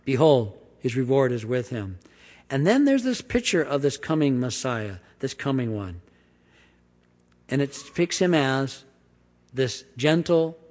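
A man preaching a sermon, reading scripture aloud with sweeping emphasis and then dropping into quiet, conversational explanation. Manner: emphatic reading with big swings of pitch and volume, dropping to quiet asides. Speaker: pastor. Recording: long hall reverb.

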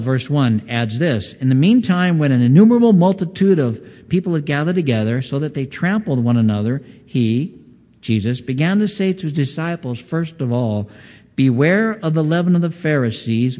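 A man's voice: mid-range voice, lively intonation, moderate pace, dark tone. Man preaching in an echoing hall. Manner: earnest, teaching tone with rhetorical questions. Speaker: pastor. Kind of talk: expository sermon.

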